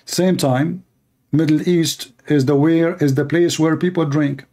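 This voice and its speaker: Sarcastic man with a higher voice. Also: steady tone, measured pace, warm tone. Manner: sarcastic, mocking, emphatic; non-native English grammar. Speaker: online commentator answering questions. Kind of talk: casual monologue answering viewer questions.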